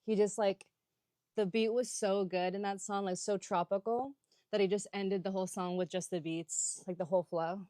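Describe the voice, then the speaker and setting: A woman's voice: mid-range voice, fairly even intonation, normal speed, dark tone, no room sound. A young adult woman leading a live yoga sculpt workout, chatting and gushing between cues with lots of "like". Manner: rambling, gushing, heavy use of "like".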